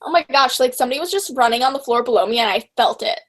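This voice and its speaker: A woman's voice: on the high side, animated, racing, a bit bright. A young woman chatting casually as a book channel host, bubbly and rambling, with lots of fillers. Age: young adult. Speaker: booktuber host. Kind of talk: casual chat.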